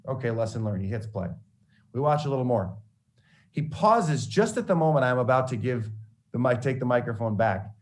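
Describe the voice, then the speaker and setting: A man in his forties, a TV sports reporter, telling career stories to students in an animated, anecdotal way with frequent restarts. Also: medium pitch, brisk. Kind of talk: storytelling motivational talk.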